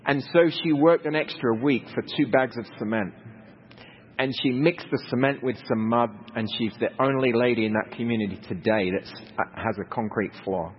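A man's voice: medium pitch, moderate pace. A middle-aged Australian man, a missionary speaker, telling anecdotes to a congregation in a conversational way with humorous asides. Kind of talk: storytelling talk to a congregation. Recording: dull lo-fi recording with hall reverb, faint noise.

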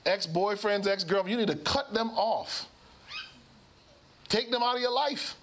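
A man, a pastor and physician, telling a story in a lively sermon style and acting out the voices he quotes. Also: high voice, a little slow, a little hiss or hum. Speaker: pastor and physician speaking on a ministry show.

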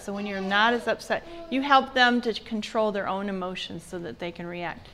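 A woman's voice: medium pitch, fairly even intonation, normal speed, few pauses, fairly bright tone, slight background noise. A woman giving a church parenting seminar in a conversational way, asking her audience questions. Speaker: parenting class speaker.

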